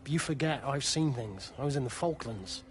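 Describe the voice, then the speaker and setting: A man's voice: mid-range voice, animated, normal speed, slight background noise, natural voice. A man playing a grumbling station master. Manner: irritable, grumbling.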